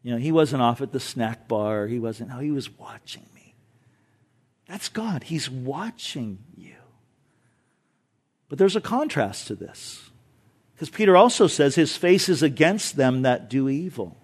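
A middle-aged male pastor preaching a sermon in a church, emphatic and conversational, dropping to hushed tones for tender points. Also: medium pitch, very animated, moderate pace. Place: church sanctuary.

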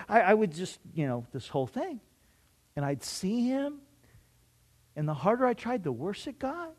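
Brief: middle-aged male pastor, high-pitched voice, animated sermon storytelling with self-mocking humor. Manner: animated, acting out his own past thoughts with self-mocking humor.

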